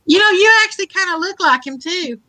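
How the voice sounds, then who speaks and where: A woman co-hosting a casual live panel chat, blunt and quick to laugh. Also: extremely high pitch, animated, sharp tone, soft background music.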